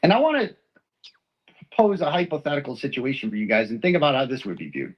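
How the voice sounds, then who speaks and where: A man's voice: mid-range voice, very animated, fast talker, husky, highs cut off. A man from Texas hosting a livestream, ranting in a rambling, profane, hurt way. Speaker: livestream host. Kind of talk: emotional livestream rant.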